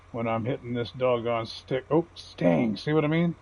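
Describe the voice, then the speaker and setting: A man's voice: mid-range voice, vocal fry, a little mellow, poor audio. A man giving casual, folksy commentary while playing a farming game, chatty and chuckling often. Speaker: gaming channel host.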